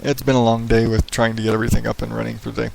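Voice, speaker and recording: Gravelly man rambling on his podcast. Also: mid-range voice, little pitch movement, rapid-fire, a little hiss or hum, rough recording. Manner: rambling, profane, laid-back radio-style delivery. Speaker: podcast host. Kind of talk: casual solo podcast monologue. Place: small echoey home office with hardwood floors. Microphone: headset microphone.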